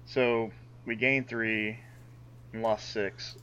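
A man's voice: lowish voice, level tone, slow, sharp tone, highs cut off, slight background noise. A laid-back man co-hosting a casual podcast who laughs often. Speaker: podcast co-host. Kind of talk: casual chat.

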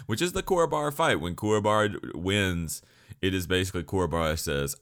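A man's voice: sits low, animated, fairly quick, a bit bright. A young man giving a blunt, profane, sarcastic anime review in casual ranting commentary.

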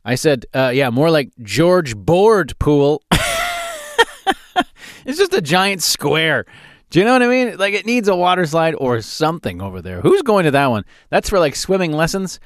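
With a fairly high pitch at a normal pace, a Calgary, Canada man in his forties hosts his own comedic storytelling podcast solo, animated and laughing often at what he tells. The studio sound is clean, with no echo.

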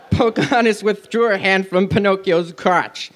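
A man reading his comic fan fiction aloud to a live audience in a deadpan narrating voice. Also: high-pitched, normal speed.

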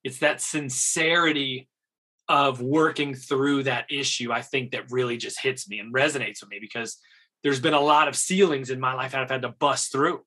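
A man's voice: medium pitch, fairly even intonation, normal speed, pushed and bright. A man, an actor and interview guest, telling stories casually and animatedly, laughing and acting out quotes.

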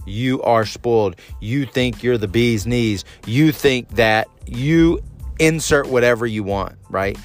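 A man's voice: medium pitch, slow pace, soft background music. A man in his thirties hosting a solo podcast, talking candidly and critically about himself, and now and then acting out his own angry outbursts. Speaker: podcast host.

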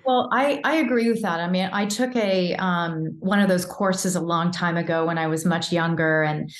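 A woman in her fifties, a vocal coach, telling a personal story in a candid, animated way during a casual interview. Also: lowish voice, normal speed, echoey room.

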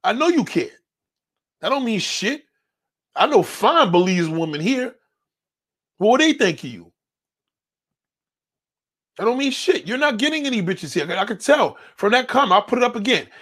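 A man's voice: extremely high pitch, very animated, normal speed, pauses often, fairly bright tone. A man hosting a show, reading viewer comments and answering them in a blunt, confrontational rant full of swearing. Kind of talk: profane ranting commentary.

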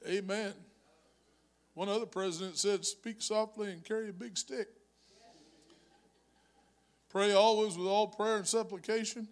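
A high-voiced male pastor with a gravelly edge preaches in a church. He tells stories in a conversational way, then climbs into shouted exhortation. The sound is a live sermon in a sanctuary. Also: steady tone, unhurried, long pauses. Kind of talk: Pentecostal-style preaching.

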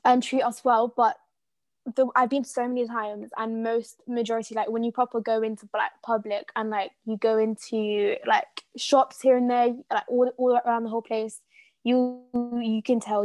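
A young British woman, co-hosting a podcast and telling a story in a chatty, animated way with many fillers. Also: a little high, normal speed, no room sound. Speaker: podcast co-host. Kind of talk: casual chat.

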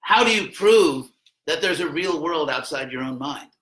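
A man's voice: on the high side, lively intonation, moderate pace, a bit bright, roomy sound, low-quality recording. A man giving an informal classroom lecture in a rambling, conversational way, with wry asides.

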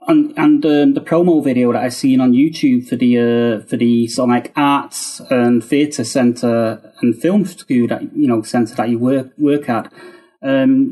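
A male host with a dark, mellow voice and a husky edge. He stops and restarts often as he works toward his questions. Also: medium pitch, rough recording. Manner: hesitant, many fillers and restarts. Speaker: podcast host. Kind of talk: casual interview.

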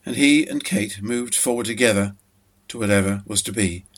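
A man narrating a story in a measured, even manner. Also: on the low side.

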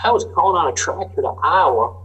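A man's voice: a little high, expressive, fast, fairly bright tone, husky, pitched above the performer's own voice, heavily acted, poor audio. A man doing an impression of a folksy good old boy farmer with a Southern US drawl. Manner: drawling, chatty.

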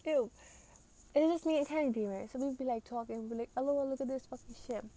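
Young New woman, slightly high-pitched, chatty and foul-mouthed, acts out what her friends said. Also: fast talker, dark tone. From Brooklyn, New York. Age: young adult. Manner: profane, rambling, quotes friends mid-story. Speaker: storyteller. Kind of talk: casual storytime.

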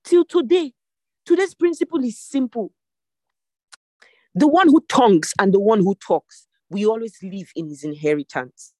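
Preaching over a video call, a devotion leader uses an expressive, middling-pitched voice with a darkish tone, speaking at normal speed. Exhortations are repeated emphatically, and the audio is dry with no room echo.

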